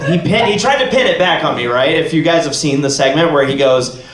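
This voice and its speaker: A man hosting a fan convention panel, telling a story in a lively way, acting out quotes and laughing often. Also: a little high, brisk. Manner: animated, laughing, acts out quotes. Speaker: panel host. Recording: echoey room from far off with faint noise.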